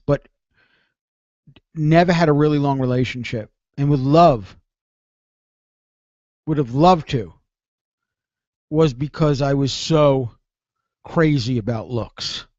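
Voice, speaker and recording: A man's voice: on the high side, darkish tone, dry recording, muffled recording. A man hosting a call-in radio show, talking in a rambling, self-deprecating way and often repeating himself. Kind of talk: confessional call-in radio monologue.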